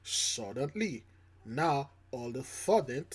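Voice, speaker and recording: A man hosting his own channel, giving preachy reaction commentary, emphatic and repetitive, swinging between loud and soft. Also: mid-range voice, very animated, slow pace, slightly rough. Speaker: channel host.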